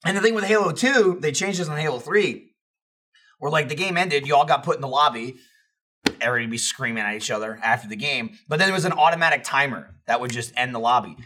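A man in a casual podcast chat, telling loud, profane gaming stories and acting out shouted bits of trash talk. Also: medium pitch, fast talker, far from the mic. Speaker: podcast regular.

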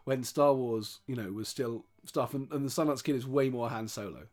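A man's voice: medium pitch, normal speed, darkish tone. A man co-hosting a film podcast in casual, teasing chat over a remote call, laughing often. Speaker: podcast co-host.

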